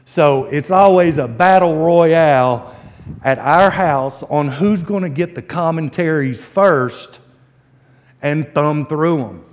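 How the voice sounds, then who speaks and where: A man, preaching a sermon as pastor and telling folksy stories with slow, emphatic delivery. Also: fairly high pitch. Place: church sanctuary. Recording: long church reverb.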